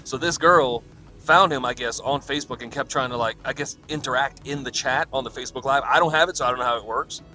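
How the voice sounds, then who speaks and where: A man's voice: medium pitch, fast talker, pushed and bright. A man hosting a podcast, retelling a coworker's story in a casual, profane, laughing way with quoted back-and-forth. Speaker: podcast host.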